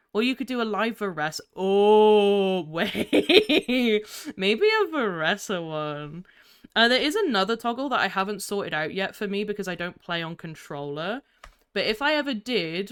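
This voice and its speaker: A woman's voice: mid-range voice, a bit bright, smooth. A young woman chatting casually on her first live stream, giggly and easily distracted, a little tired.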